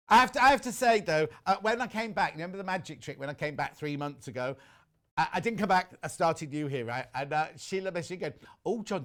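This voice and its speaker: A man presenting a live shopping channel broadcast, chatting as he reads out viewer messages with quick asides. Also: fairly high pitch, expressive, fairly bright tone. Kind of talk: live TV sales chat.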